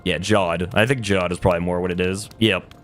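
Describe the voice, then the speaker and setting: A man's voice: sits low, steady tone, brisk, fairly bright tone, soft background music. A man chatting casually on a gaming livestream, rambling, correcting himself mid-sentence and laughing between thoughts. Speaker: streamer.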